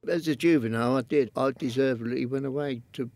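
A man's voice: mid-range voice, fairly quick, darkish tone, no room sound. An older man with a London Cockney accent, telling rambling anecdotes as an interview guest. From London, England. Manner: rambling anecdotes, imitates voices in quotes. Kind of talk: storytelling interview.

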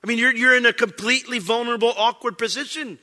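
A man's voice: very high-pitched, fairly even intonation, quick pace, bright, forceful tone. A man preaching a sermon as pastor, conversational and emphatic.

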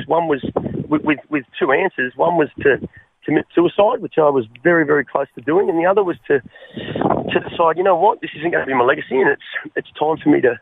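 An Australian man recounts his life story as a radio guest, earnest and stumbling, with many restarts and frequent use of mate. His voice is gravelly and a little high for a man. It comes through a dry, tinny phone line. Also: a little hiss or hum. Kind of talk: personal testimony on radio.

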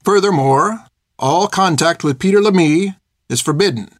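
A man voices a stern, strict older nun, speaking in a clipped, formal and severe way, lightly acted and pitched above his natural voice. His fairly high voice keeps a moderate pace on a dry, studio-quality recording.

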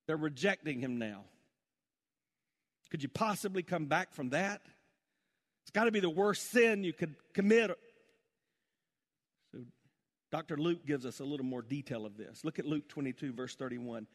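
Pastor, male, high voice, preaching in a church with long reverb. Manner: animated, rising to emphatic exclamations then dropping to hushed prayer. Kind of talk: sermon.

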